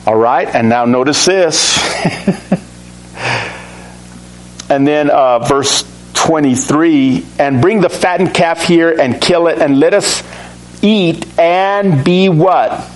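A pastor preaches a sermon to his church in a slightly high voice, moving slowly with long pauses and putting questions to the congregation. As he reads from the Bible, he acts out the characters' lines. The recording quality is low.

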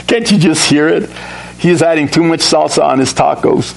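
A man's voice: fairly high pitch, lively intonation, measured pace, creaky, pauses often, rough recording. A man preaching a sermon to his church and asking the congregation questions. He acts out the lines of the Bible characters as he reads them. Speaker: pastor.

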